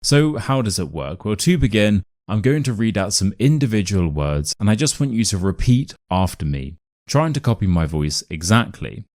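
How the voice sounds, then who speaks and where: A man with a modern RP English accent giving a scripted pronunciation lesson, enunciating each word clearly and deliberately. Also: lowish voice, sing-song, a little mellow, no echo, studio quality. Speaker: accent teacher.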